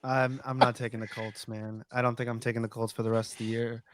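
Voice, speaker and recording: A man's voice: medium pitch, flat delivery, fast talker, background noise. A man co-hosting a sports podcast, ranting in casual chat, swearing and stumbling over restarts. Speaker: podcast co-host.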